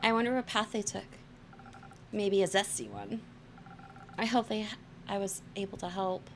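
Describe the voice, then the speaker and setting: A woman streamer reading game dialogue aloud in a playful, gentle manner on a live stream. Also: medium pitch, steady tone, normal speed, a little hiss or hum.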